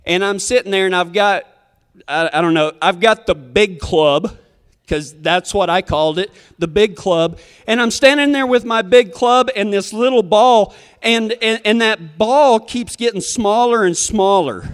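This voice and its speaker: A man's voice: high voice, clean tone, big-room sound. A man telling a comic story in a folksy, rambling, self-deprecating way.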